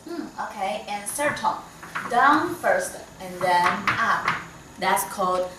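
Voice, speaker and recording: Chinese-accented woman tutor, slow, careful, non-native English; bright tone, roomy sound at a distance. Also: medium pitch, expressive, a little hiss or hum. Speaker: Mandarin teacher. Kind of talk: one-on-one online lesson. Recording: echoey room, voice from a distance.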